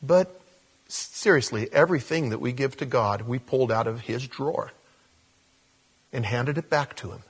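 A man preaching a conversational sermon as a pastor, with animated bursts. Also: medium pitch, normal speed, long pauses, slightly rough.

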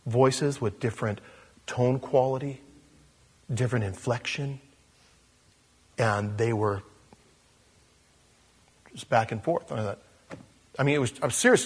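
A man, a pastor, telling a story during a casual, animated sermon in a church. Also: medium pitch, husky.

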